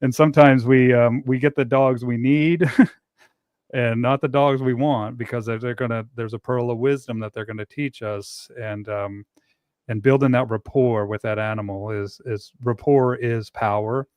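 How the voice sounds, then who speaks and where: Relaxed man hosting a podcast, dry sound. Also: medium pitch, moderate pace, clean tone, no room sound. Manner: relaxed, conversational, reads listener comments. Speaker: podcast host. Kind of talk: casual podcast conversation.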